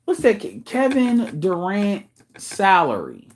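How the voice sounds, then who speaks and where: Animated man ranting bluntly. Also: high voice, takes it slowly. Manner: blunt, profane, incredulous ranting. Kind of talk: casual rant commentary.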